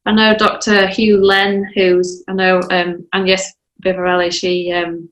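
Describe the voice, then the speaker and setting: A woman's voice: lowish voice, flat delivery, unhurried, fairly bright tone, echoey room, low-quality recording. An English woman, a guest coach, chatting eagerly and telling stories in a casual conversation. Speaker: self-love coach, guest.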